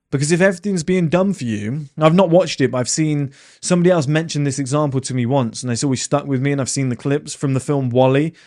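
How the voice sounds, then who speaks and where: A man's voice: a little high, darkish tone. A man talking bluntly to his audience in a casual monologue, asking plenty of rhetorical questions.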